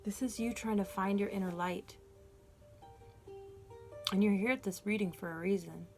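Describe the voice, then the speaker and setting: A woman's voice: mid-range voice, normal speed, soft background music. A woman giving a collective tarot reading, earnest and emotional, encouraging her viewers directly. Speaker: tarot reader.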